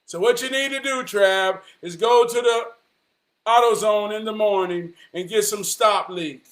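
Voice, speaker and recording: A man voicing a calm, knowing neighborhood mechanic, giving steady instructions. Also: sits high, a little slow, voice pushed up. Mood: calm instructing.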